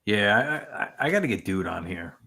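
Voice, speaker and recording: A man's voice: lowish voice, animated, moderate pace, creaky, bright, forceful tone. A man co-hosting a casual livestream, chatting easily and reading out viewer comments in a rambling way. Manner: easygoing, rambling. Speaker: livestream co-host.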